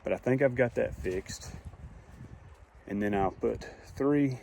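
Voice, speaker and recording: A man's voice: mid-range voice, slow pace, creaky, a little mellow, a little hiss or hum. A young man filming himself on his farm, talking through his fencing work in a plainspoken, casual way. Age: young adult. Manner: plainspoken, thinks aloud while working. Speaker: farmer filming a farm vlog. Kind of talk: casual talk to camera. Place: outdoors on a farm field. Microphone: phone propped up nearby.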